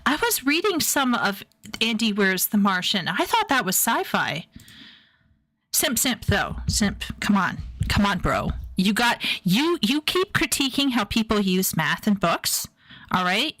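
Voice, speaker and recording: A woman's voice: mid-range voice, a bit bright, dry recording, rough recording. A woman streaming and reacting to videos, chatting casually, playful and emotional with lots of repeated phrases.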